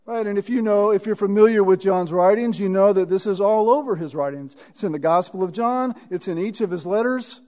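Pastor, male, high-pitched voice, emphatic sermon delivery with repeated words. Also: fairly quick, hardly any pauses, dark tone. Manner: emphatic, repeats words when building a point.

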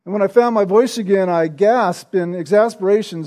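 A man preaching an expository sermon, earnest and deliberate, who often checks in with a rhetorical "right?" and repeats words for emphasis. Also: high-pitched, mellow. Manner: earnest, rhetorical, frequent "right?" tag questions; slow and deliberate with emphatic repetition. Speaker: pastor.

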